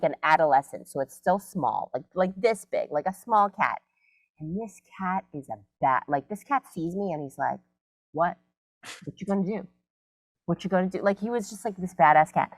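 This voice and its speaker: Animated, chatty woman comedian. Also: lowish voice, no echo, low-quality recording. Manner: animated storyteller, lots of "like". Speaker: comedian guest. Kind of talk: casual interview chat. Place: home closet.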